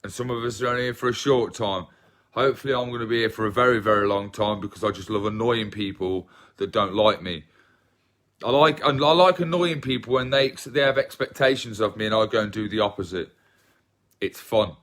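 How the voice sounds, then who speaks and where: An Englishman with an English accent hosts a livestream, speaking a little fast in a lowish, somewhat bright voice. His casual chat with viewers is rambling and self-deprecating.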